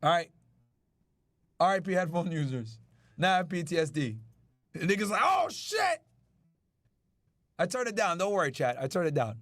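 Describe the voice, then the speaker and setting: A man's voice: fairly high pitch, animated, fairly quick, long pauses, a bit bright, no room sound. A male podcast host in casual chat with his live chat, brash and profane. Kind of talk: casual chat reacting to news.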